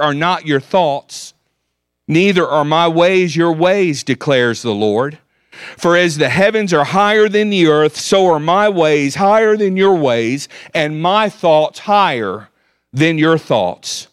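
A man preaching a sermon, reading scripture aloud with measured emphasis. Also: a little high, smooth, dry recording, clean studio sound.

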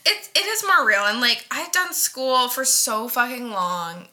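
A young woman in casual conversation, her voice bright and ringing, leaping up and down in pitch. She talks in loose, filler-heavy bursts, swearing freely and poking fun at herself. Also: measured pace. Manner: swears a lot, lots of "like" fillers, animated and self-mocking. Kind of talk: casual chat.

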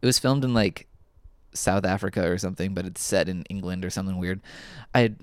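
A man's voice: sits low, fairly quick, clean tone, no echo, studio quality. A man co-hosting a podcast in casual chat, rambling and enthusiastic, a little self-deprecating. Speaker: podcast co-host.

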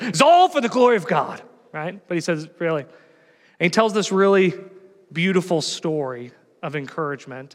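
A man pastor closing a sermon, quiet and earnest, talking conversationally. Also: sits high, big-room sound.

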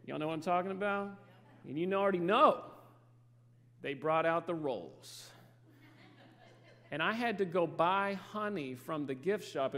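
A man, preaching a playful, story-filled sermon and joking with the crowd. His voice sits fairly high for a man. A long reverb from the hall trails after his words. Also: fairly bright tone. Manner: storytelling, playful, chatty with the audience. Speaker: guest preacher. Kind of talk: humorous sermon to a congregation.

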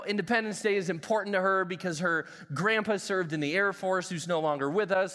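A man in his thirties, a pastor giving a live sermon in a church with energetic, humorous storytelling. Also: sits high. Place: church sanctuary. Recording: reverberant church hall.

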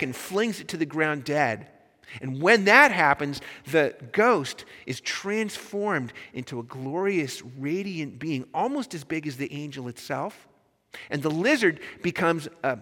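Brief: emphatic male pastor preaching, fairly high voice, long reverb of a church hall. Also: sharp tone. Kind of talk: sermon.

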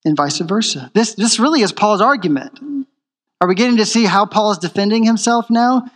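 High-voiced man preaching a sermon. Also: moderate pace, long pauses, a bit bright, big-room sound. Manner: emphatic, repeats key phrases. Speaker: pastor.

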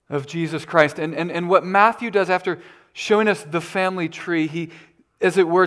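A man preaching a sermon as pastor, deliberate and emphatic, his voice lifting when he makes a point. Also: a little high, fairly bright tone.

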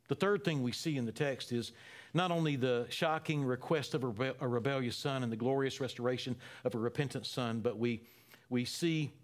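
Impassioned preacher, loud then hushed. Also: male voice, medium pitch. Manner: swings from loud emphatic preaching to hushed near-whispers; repeats phrases for emphasis. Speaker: pastor. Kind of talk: sermon.

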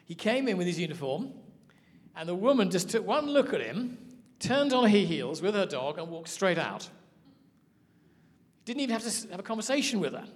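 A man teaching a sermon, telling stories in an animated way. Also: high-pitched. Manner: storytelling, animated. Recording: hall reverb.

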